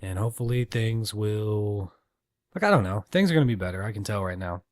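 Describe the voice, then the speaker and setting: A man's voice: on the low side, a little fast, no echo, studio quality. A man hosting a casual solo podcast, rambling and swearing freely with self-deprecating asides. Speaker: podcast host.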